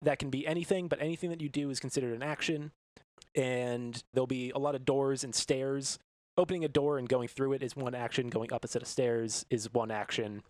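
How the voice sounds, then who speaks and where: A man's voice: medium pitch, steady tone, fairly quick, a little mellow, no echo. A man running a tabletop game as game master, explaining rules and describing rooms in an upbeat way, laughing between descriptions. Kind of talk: narrating a tabletop game on a podcast.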